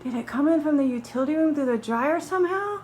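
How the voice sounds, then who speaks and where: A woman filming a casual vlog inside her house, excitable, flustered and a little breathless. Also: high-pitched, fast. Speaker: vlogger. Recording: echoey room with faint background noise.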